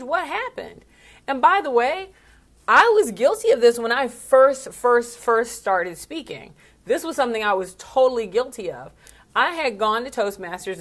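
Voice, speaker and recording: Lively, talkative woman coach. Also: fairly high pitch. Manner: animated, conversational, quick asides and laughs. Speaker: public speaking coach. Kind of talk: casual talk to camera or live stream.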